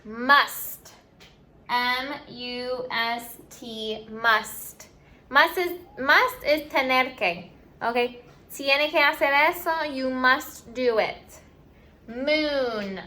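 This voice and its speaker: A woman teacher leads an online spelling lesson, sounding words out and spelling them letter by letter. Her voice is bright and a little high, and she speaks at a slow, patient pace.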